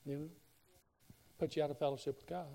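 A male pastor preaching a sermon in a church, animated and speaking directly to members of the congregation by name. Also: on the high side, a little fast, vocal fry, big-room sound.

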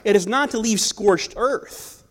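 A man's voice: high-pitched, unhurried. A man preaching a sermon in a conversational storytelling way, often restarting his sentences. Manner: conversational, storytelling, self-correcting. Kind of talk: sermon with personal stories.

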